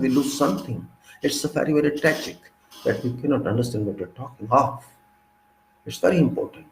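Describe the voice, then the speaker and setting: Indian English man, mid-pitched, preachy monologue, roomy echo with a faint hum. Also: gravelly, a little mellow. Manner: preachy, emphatic, rhetorical questions, sudden pitch jumps. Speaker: speaker of a commentary channel. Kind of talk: lecturing monologue.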